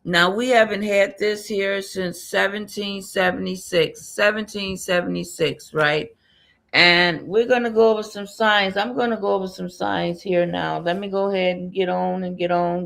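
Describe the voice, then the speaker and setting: A woman's voice: on the low side, measured pace, creaky, fairly bright tone. A woman giving a casual spiritual reading, rambling and repetitive, often laughing and muttering to herself. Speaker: tarot and numerology reader.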